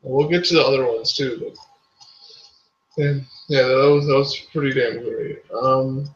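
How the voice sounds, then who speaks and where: Slow, laid-back man in a roomy sound. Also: mid-range voice, fairly even intonation. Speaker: co-reviewer. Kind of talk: casual podcast chat. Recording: roomy, lo-fi, faint noise.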